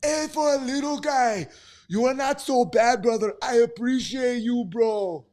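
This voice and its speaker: A man putting on an impression of a friendly male fighter, in a high, loud, drawn-out voice.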